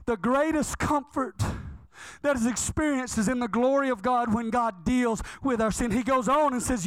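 A man's voice: extremely high pitch, moderate pace, dry recording. A man, fervent and emphatic, stretching out the words he stresses. The sound is dry and close, with no room around it. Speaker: preacher. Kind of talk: sermon.

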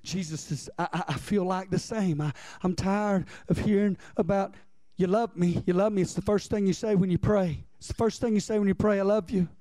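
This sermon comes from a pastor whose high voice is mellow and steady. He talks briskly with few pauses, conversationally repeating key lines and checking in with the congregation. The sound is close and dry, without echo.

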